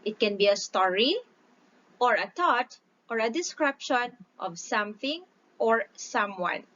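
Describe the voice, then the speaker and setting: A woman teacher giving a recorded lesson, explaining slowly and deliberately, stretching out syllables when she reads example lines aloud. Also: a little high, lively intonation, a bit bright. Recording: dull lo-fi recording.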